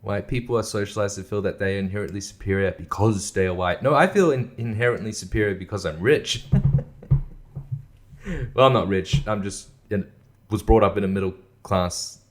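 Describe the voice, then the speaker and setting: Sarcastic, swearing male podcast host. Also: on the low side. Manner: sarcastic, swearing, laughing often, mocking. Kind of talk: casual solo commentary.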